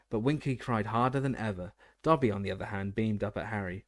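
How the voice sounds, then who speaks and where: Steady male audiobook narrator, dry sound. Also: fairly low pitch, a little fast, dry recording. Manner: steady reading with occasional slips and restarts. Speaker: audiobook reader.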